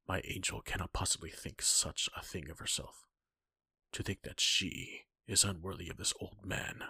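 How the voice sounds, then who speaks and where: A man voicing a stern, gruff older warrior god in a fan-fiction reading, with a low, half-whispered delivery. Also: fairly even intonation, normal speed, pushed and bright, no echo, exaggerated voice.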